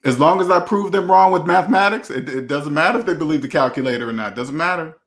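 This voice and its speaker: A man's voice: a little high, quick pace, a bit bright. A man hosting a personal finance channel, speaking in a blunt, slangy, preachy way and repeating his key phrases for emphasis. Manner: blunt, slangy street talk. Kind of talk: casual monologue to camera.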